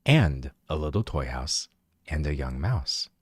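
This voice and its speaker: A man reading a bedtime story aloud in a soft, hushed, low audiobook narrator voice. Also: very animated, a little slow, slightly rough, no room sound, studio quality, full character voice. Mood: soothing.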